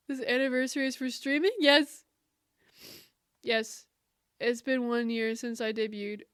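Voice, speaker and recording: A woman hosting a live stream, talking casually to her chat in a fairly high voice. She giggles often and her talk is effusive and emotional, at an unhurried pace. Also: a bit bright. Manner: giggly, often laughing, calls viewers "bro".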